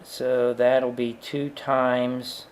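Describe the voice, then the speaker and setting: A man talks through a calculation step by step in a slow, unhurried way. His pitch sits in the middle range, and he pauses often with fillers as he works things out aloud. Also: level tone, slight background noise. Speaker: engineering instructor. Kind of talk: worked example lecture.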